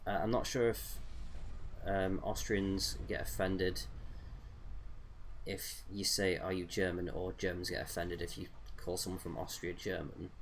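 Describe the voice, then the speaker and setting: A man's voice: low voice, flat delivery, a little slow, slight background noise. A young English man chatting casually with viewers while playing a game, rambling with lots of ums and uhs. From England. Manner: rambling, hesitant, many fillers. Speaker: gaming streamer.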